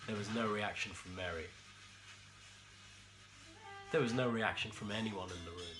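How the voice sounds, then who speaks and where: Deadpan London man over music. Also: on the low side, low-quality recording. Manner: dry, understated, with pauses and asides. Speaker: comic storyteller. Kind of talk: deadpan comic monologue. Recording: music playing behind.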